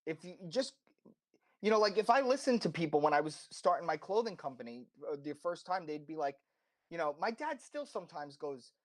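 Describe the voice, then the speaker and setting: A man with a slight accent, guesting on a casual podcast interview, gives impassioned, rambling advice. His highish voice is sing-song and a little fast, and he restarts and corrects himself often.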